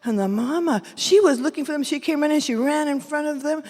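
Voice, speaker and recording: A woman from San Jose performing a bilingual folk tale live, animated and mixing Spanish with English. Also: high voice, brisk. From San Jose, California. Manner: animated, switches between Spanish and English phrases. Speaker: storyteller. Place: large event hall. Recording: echoey hall from a live event.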